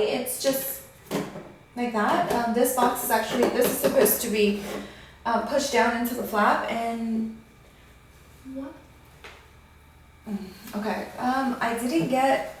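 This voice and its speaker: A woman with a slightly high voice talks slowly through an unboxing, complaining in an annoyed, casual way. She sounds a little away from the mic in a very echoey room. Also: recorded from a distance, noisy background. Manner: annoyed, complaining, with many fillers. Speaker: vlogger.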